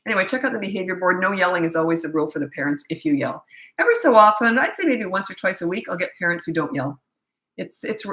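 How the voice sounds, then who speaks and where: A middle-aged woman coaching parents in a live question-and-answer chat, blunt and matter-of-fact, with quick asides. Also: on the low side, a bit bright, roomy sound, rough recording.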